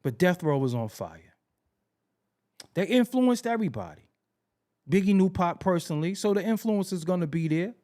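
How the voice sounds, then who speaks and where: A man hosting a podcast, telling music history stories in a casual, animated way and repeating himself for emphasis. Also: high-pitched, normal speed, long pauses. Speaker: podcast host.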